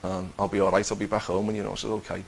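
Gravelly-voiced man giving testimony. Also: fairly low pitch, flat delivery, a little hiss or hum, low-quality recording. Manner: earnest, halting storytelling with many restarts. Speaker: Christian teacher giving testimony. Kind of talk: personal testimony.

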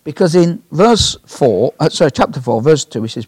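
A man's voice: on the high side, sing-song, moderate pace, hardly any pauses, a little mellow, slightly rough, no echo, clean studio sound. A man preaching a sermon in a chatty, joking way, often asking the congregation questions.

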